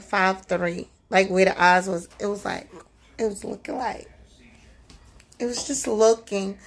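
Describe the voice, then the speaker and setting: A woman from New Jersey telling a scary story in a casual vlog, excitable, swearing freely and saying "like" and "right?" a lot. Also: a little high, gravelly. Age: adult with a son. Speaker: vlogger.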